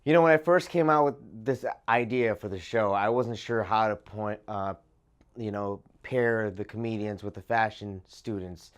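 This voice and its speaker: A man hosting a show, introducing clips in a halting, casual way with many fillers. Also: on the low side, clean tone. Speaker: show host and producer.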